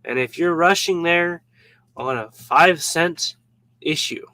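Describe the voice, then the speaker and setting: A man's voice: fairly high pitch, slow pace, sharp tone, no echo, poor audio. A man giving a casual devotional Bible talk, informal and joking, acting out little scenes as he explains. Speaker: Bible teacher.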